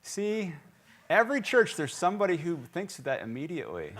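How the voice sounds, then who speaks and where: A man's voice: high-pitched, fairly quick. A man raised in South Carolina, preaching a sermon in a church and quizzing the congregation with jokes. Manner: lively, joking, quizzing the congregation. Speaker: pastor. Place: church sanctuary.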